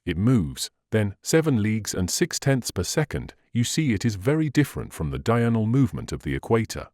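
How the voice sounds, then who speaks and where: Learned doctor explaining at length, read by a man; low, animated, dry sound. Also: fairly quick, no room sound. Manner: patient, explanatory. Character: learned talkative male doctor explaining science.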